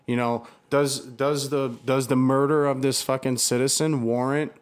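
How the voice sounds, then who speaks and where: A man's voice: mid-range voice, little pitch movement, moderate pace, clean tone. A man in casual conversation, telling an angry story full of swearing, restarts and filler words. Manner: heated, profane storytelling with many restarts.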